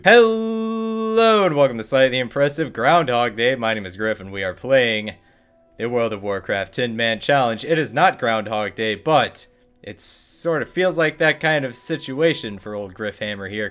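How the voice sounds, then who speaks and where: A man's voice: fairly low pitch, fairly bright tone. A man streaming a video game live, chatting in a rambling, playful, self-mocking way. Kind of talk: live-streamed gameplay chat.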